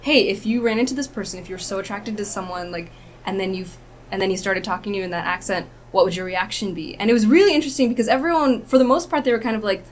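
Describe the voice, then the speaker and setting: A woman from the United States talking quickly and loosely in a relaxed podcast conversation. She rambles, stacking up asides and fillers as she goes. A faint hum of room noise sits behind her. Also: medium pitch. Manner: fast, rambling, frequent "like". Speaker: podcast guest, filmmaker. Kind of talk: casual chat.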